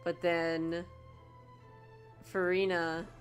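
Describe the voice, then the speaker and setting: A woman streaming a game with a fairly low voice, chatting casually and gushing with excitement. She trips over her words and restarts often. Faint music plays behind her. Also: extremely slow.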